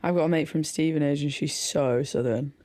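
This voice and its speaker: A woman's voice: low-pitched, brisk, dark tone, dry recording. A woman with a Northern English accent co-hosting a podcast in casual, teasing chat. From Northern England. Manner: chatty, teasing, laughs a lot. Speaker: podcast co-host.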